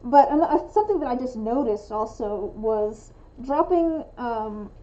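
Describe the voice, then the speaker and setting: A woman's voice: a little high, animated, a little slow, warm tone, highs cut off. A young woman from the western United States, rambling casually with many restarts while crafting on a livestream, often dropping the g in -ing endings. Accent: western American. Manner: rambling, thinks aloud with many restarts and fillers. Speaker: streamer making resin dice.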